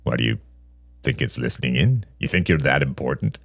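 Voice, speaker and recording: A man voicing a blunt, cynical middle-aged father who talks gruffly and mocks his son. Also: rumbling low, animated, brisk, a bit bright, no echo, studio quality, voice pushed down, heavily acted. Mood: mocking. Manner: gruff, mocking, laughs harshly.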